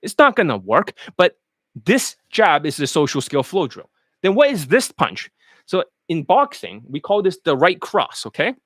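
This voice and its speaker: A man's voice: a little high, fairly bright tone, dry recording, studio quality. A man ranting as a dating coach, blunt, profane and mocking.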